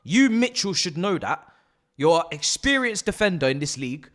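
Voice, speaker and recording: A young man hosting a live football watch-along, excitable and swearing, shouting at the players. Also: on the high side, moderate pace. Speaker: live stream host.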